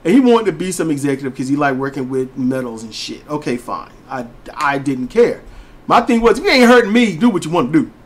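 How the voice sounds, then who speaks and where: A man co-hosting a podcast, ranting and telling stories in an emphatic way. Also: fairly quick. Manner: emphatic, storytelling, lively pitch swings. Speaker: podcast co-host. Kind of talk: casual ranting commentary.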